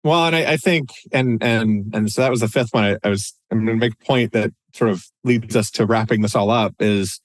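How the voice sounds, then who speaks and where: A man co-hosting a casual podcast chat, talking in a loose, conversational way and often restarting his sentences. His voice sits low, and the recording is dry and close. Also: a little fast, few pauses, no room sound. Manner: conversational, many restarts and "you know"s. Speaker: podcast co-host.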